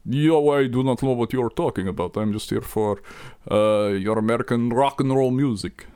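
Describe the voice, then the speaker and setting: A man's voice: medium pitch, moderate pace, dark tone, smooth, natural voice. A man putting on a jokey, exaggerated fake Russian accent as a mock Russian character in a podcast aside. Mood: mock-serious. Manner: hammy, jokey parody. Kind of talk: podcast joke impression.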